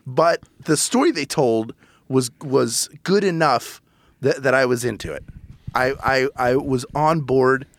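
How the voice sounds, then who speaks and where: A man hosting a casual wrestling podcast, playful and animated, with theatrical introductions. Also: mid-range voice, a little slow, no echo. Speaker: podcast host.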